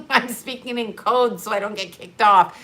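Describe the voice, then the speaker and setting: Woman going off on a live stream, snarky and lively, keeps laughing mid-rant. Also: on the high side, measured pace. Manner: animated, sarcastic, laughs often.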